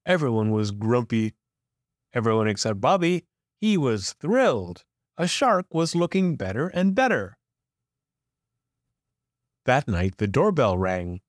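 A man reading a children's picture book aloud with expressive, playful emphasis. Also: medium pitch, measured pace, long pauses, no room sound, studio quality. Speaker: storyteller.

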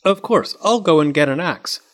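A man voicing a gentle, polite male cat in a storybook reading, talking mildly and courteously. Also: a little high, animated, moderate pace, pitched above the performer's own voice. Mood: eager. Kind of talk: storybook read-aloud.

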